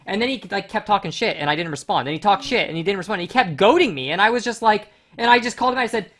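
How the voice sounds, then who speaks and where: Brief: quick-talking male stream commentator, animated, foul-mouthed storyteller. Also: high voice. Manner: animated storytelling, mocking impressions, swears a lot. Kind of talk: casual chat.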